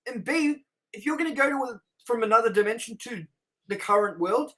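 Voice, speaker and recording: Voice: medium pitch, lively intonation, a little fast, sharp tone. A movie-review co-host in casual chat, ranting with exasperation and plenty of swearing.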